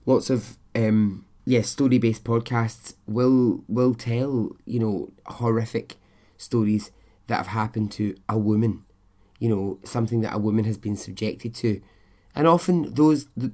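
A man's voice: medium pitch, a little mellow. A middle-aged man hosting a podcast, talking in a candid, chatty, self-questioning way. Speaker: podcast host. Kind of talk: casual podcast monologue.

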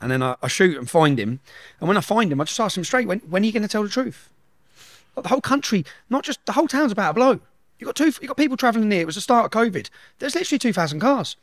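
A man's voice: high voice, animated, very fast, no echo, studio quality. A middle-aged man, telling a story at speed in an interview and acting out the dialogue. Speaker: guest.

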